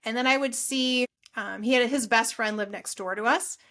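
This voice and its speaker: A middle-aged woman guest on a podcast, talking in a fairly high voice. She tells her story in a chatty, animated way and slips into other people's voices for quoted lines. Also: normal speed. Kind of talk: casual storytelling interview.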